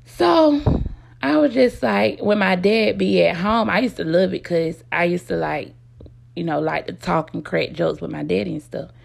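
A woman's voice: lowish voice, steady tone, moderate pace, gravelly. A young adult woman telling a candid, rambling personal story to her viewers on a phone, full of "you know what I'm saying". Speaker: vlogger.

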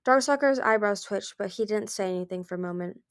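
Brief: woman reader, soft storybook narration, dry close mic. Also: medium pitch, fairly quick, no echo. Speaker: audiobook reader.

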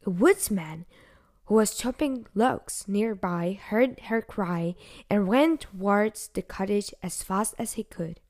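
Slow, gentle woman reading a fairy tale. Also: medium pitch. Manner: gentle, unhurried, dips into whispers. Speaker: storyteller. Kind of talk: storybook narration.

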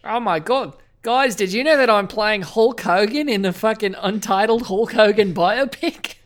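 Woman goofing around on a comedy podcast, swears a lot, rambly, mid-pitched voice. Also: normal speed. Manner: swears freely, jokey, rambling. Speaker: podcast guest. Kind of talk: improvised comedy chat.

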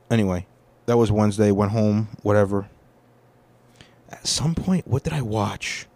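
A man's voice: fairly low pitch, normal speed, long pauses, darkish tone. A young man hosting his own podcast, telling about his week in a meandering, profane and self-deprecating way. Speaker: podcast host. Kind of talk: rambling casual monologue.

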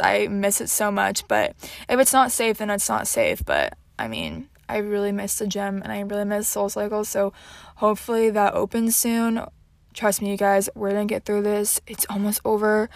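A woman's voice: mid-range voice, vocal fry, dry recording. A nineteen-year-old woman from Houston hosting her podcast in a casual, scatterbrained chat with lots of fillers. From Houston, Texas. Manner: chatty and scatterbrained, many fillers. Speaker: podcast host.

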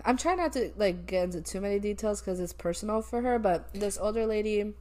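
A woman's voice: mid-range voice, a little fast. A young woman co-hosting a podcast, animatedly retelling a story about a work call in casual chat. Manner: animated, retells calls with quoted voices, laughs often. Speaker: podcast co-host.

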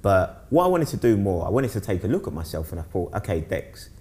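A young South East London man with a lowish voice and a London accent talks fast as a guest in casual conversation. His speech wanders, full of repeated words and restarts, and he grows animated whenever he tells a story.

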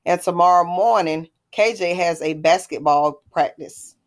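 A woman reading the part of a composed, defiant mother who stands her ground, in a low voice. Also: measured pace, lightly acted. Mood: firm. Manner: firm, composed.

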